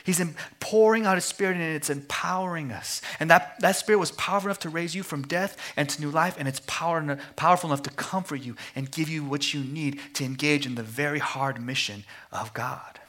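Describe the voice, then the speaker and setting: A man preaching a sermon at a missions conference, passionate and rhythmic, repeating phrases and dropping to hushed tones. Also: a little high, brisk, hardly any pauses. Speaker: guest preacher.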